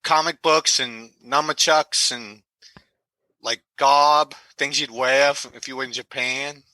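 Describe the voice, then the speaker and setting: A man's voice: mid-range voice, fairly even intonation, takes it slowly, pushed and bright, no echo, poor audio. A man improvising a brash, cocky lobster boat captain with a Boston accent. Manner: tough-talking, cocky. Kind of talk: improvised comedy.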